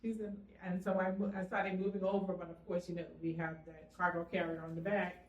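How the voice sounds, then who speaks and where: A middle-aged woman, the vlogger's mother, retelling an event in a steady, measured way with frequent fillers. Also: on the low side, highs cut off. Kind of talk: casual storytelling. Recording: roomy sound, mic at a distance.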